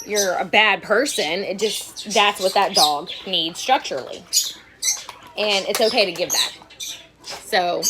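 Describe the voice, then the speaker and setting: A woman's voice: medium pitch, noisy background. Frank woman dog trainer on a livestream. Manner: frank, repeats herself, chatty. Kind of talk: casual livestream chat. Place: home, getting ready for work. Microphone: phone or camera at arm's length.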